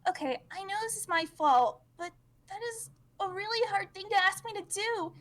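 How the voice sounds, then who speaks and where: A woman's voice: very high voice, animated, moderate pace, a bit bright. A woman voicing a patient young girl who soothes and shushes a grieving friend in a webcomic read-aloud. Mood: soothing. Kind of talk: reading a webcomic aloud with voices. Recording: long hall reverb.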